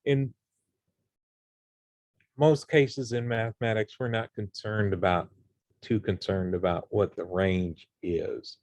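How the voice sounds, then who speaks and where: A man's voice: on the low side, fairly even intonation, slow pace, pauses often, darkish tone, no echo. A man teaching a college algebra class, explaining each step and checking in with his students. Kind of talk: classroom math lecture.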